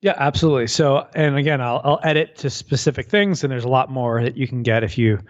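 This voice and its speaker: A man's voice: mid-range voice, quick pace, dull audio. A man who is an author and guest on a radio interview, telling a parable with lots of energy and often repeating words as he restarts a thought.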